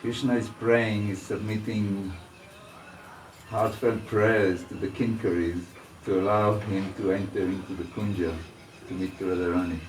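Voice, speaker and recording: A man, a student, reciting a devotional verse in a steady, reverent way and then explaining it. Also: fairly low pitch, a little slow. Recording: distant, echoey room with faint noise.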